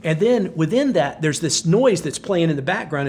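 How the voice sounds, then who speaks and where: An older man in his sixties recounts a gripping personal story as a podcast guest. His voice sits a little higher than most men's, and he tells it with breathless intensity, looping back on his phrases. A faint hiss runs under the conversation. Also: animated, normal speed, hardly any pauses, darkish tone. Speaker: podcast guest, former Navy SEAL.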